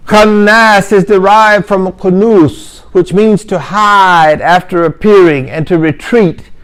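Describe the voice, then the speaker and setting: A man's voice: high-pitched, fairly even intonation, takes it slowly, fairly bright tone. A man giving a religious lesson as a lecturer, emphatic and repetitive, with storytelling asides. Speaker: Islamic lecturer.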